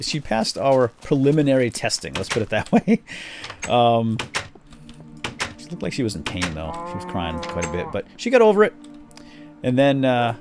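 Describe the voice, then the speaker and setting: A middle-aged man telling a family story while playing a game, switching to quiet muttering when he deals with the game. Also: low-pitched, a little hiss or hum. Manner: animated storyteller, drops to quiet muttering over game actions. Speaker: gaming video host. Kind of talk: storytelling during a game playthrough.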